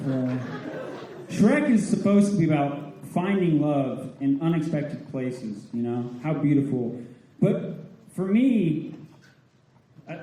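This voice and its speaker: A man in his twenties doing a stand-up comedy set in a theatre, telling stoner stories with a laid-back, deadpan delivery. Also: fairly high pitch, slight background noise. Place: theatre stage with audience. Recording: roomy theatre live recording. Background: audience laughter.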